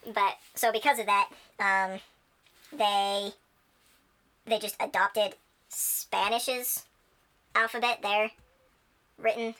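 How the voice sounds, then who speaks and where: A woman's voice: mid-range voice, fairly even intonation, slow, pauses often, sharp tone. A young woman chatting casually as a channel host, enthusiastic and rambling with many fillers. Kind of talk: casual chat.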